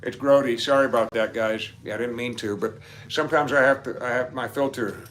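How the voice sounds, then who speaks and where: A man's voice: mid-range voice, fairly even intonation, a little fast, a bit bright, slight background noise. A man hosting a casual livestream, chatting with viewers. He rambles into nerdy asides and laughs often. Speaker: livestream host reading viewer comments. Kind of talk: casual live-stream chat.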